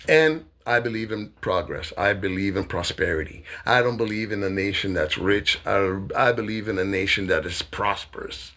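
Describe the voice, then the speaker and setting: Fiery, profane American man ranting. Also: fairly low pitch. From United States. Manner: heated, profane, swings from shouting to soft. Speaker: self-styled presidential candidate. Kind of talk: political rant vlog.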